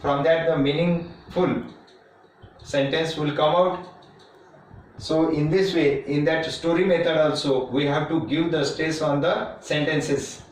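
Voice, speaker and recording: Guy lecturing a class, slow and repetitive, lots of uhs, echoey room, a bit far from the mic. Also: fairly high pitch, steady tone, a little hiss or hum. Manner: slow and repetitive, with frequent fillers and restarts. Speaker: teacher educator.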